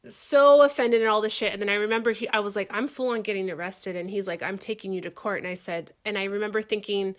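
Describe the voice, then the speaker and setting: A woman in her forties telling a story in casual chat, animated and swearing freely as she acts out what people said. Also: mid-range voice, fast, few pauses. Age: 40s.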